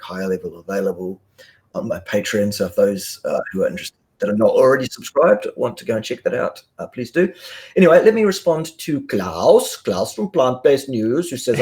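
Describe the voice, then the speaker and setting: Very deep-voiced blunt New man. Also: a little mellow. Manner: vehement and blunt, many ums and restarts. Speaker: guest scientist on a live stream. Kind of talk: casual live-stream talk.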